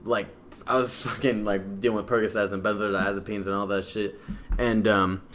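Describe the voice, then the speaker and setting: A young man with a Midwestern American accent, his voice sitting on the low side. He rambles through a casual podcast chat, swearing freely and calling his friend bro. He sips beer as he talks. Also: level tone, normal speed, fairly bright tone, a little hiss or hum. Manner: rambling, slangy and profane, keeps saying bro; drinking beer while talking. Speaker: guest. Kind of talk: casual conversation.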